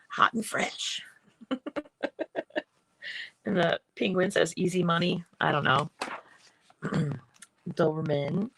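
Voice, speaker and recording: A woman chatting casually as she shows her craft books on a livestream, rambling and often clearing her throat. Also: lowish voice, a little hiss or hum, poor audio. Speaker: artist hosting a livestream. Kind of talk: casual craft show-and-tell.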